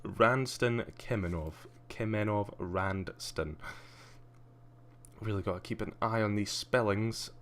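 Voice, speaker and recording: This low, slightly bright male voice belongs to a man from Scotland with a touch of posh English in his accent. He keeps up chatty, dry, self-deprecating commentary during a relaxed game livestream.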